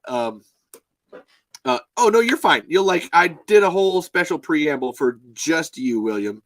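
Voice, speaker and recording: A man's voice: on the high side, unhurried, no room sound, poor audio. A man hosting a casual live podcast from a home mic, rambling and swearing freely. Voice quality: profane, rambling, animated. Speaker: podcast host.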